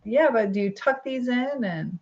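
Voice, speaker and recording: A woman's voice: on the high side, animated, normal speed, a little mellow, lo-fi sound. A woman hosting a casual livestream, reading viewer comments aloud in a chatty, upbeat way, laughing often and using lots of fillers. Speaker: livestream host. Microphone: phone or webcam livestream.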